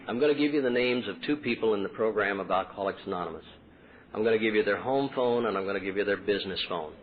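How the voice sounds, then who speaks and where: A fairly low-pitched middle-aged man from Texas delivers a recovery talk at a convention podium, earnestly performing the dialogue he quotes. The tinny 1980s convention tape has slight background noise.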